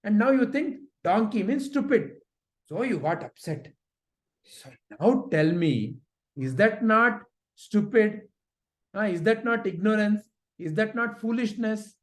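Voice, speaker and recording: A man teaching a lesson to children, telling stories and asking the class questions in an animated way. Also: high voice, measured pace.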